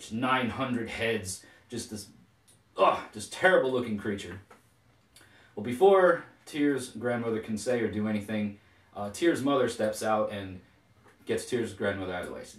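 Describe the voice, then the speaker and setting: A man retelling an old myth in a casual, rambling way full of fillers, recorded with a roomy echo from a distant mic. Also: on the low side. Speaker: storyteller.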